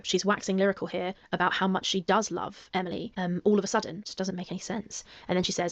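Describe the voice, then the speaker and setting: A woman with a calming voice giving measured commentary, reading messages aloud and asking pointed rhetorical questions. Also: mid-range voice. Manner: analytical, emphatic rhetorical questions.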